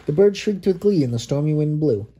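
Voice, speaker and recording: A man, a dad, reading a rhyming picture book aloud to his child and pausing so the child can fill in the rhymes. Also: on the high side, expressive, warm tone, breathy edge, highs cut off. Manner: reads rhymes with pauses for a child to finish them. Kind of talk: bedtime story read-aloud.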